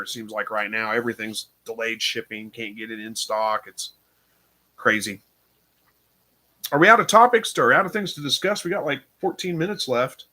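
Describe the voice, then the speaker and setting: A man's voice: mid-range voice, pushed and bright. A tired man hosting a casual livestream, reading viewer comments and rambling through his answers with plenty of fillers. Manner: rambling, unsure, thinking aloud with fillers. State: tired, yawning. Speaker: livestream host.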